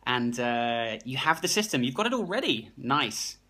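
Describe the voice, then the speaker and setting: A man with a New Zealand accent, talking fast and excitedly on a phone live stream, reading out comments and restarting his sentences. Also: mid-range voice. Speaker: productivity blogger hosting a live stream.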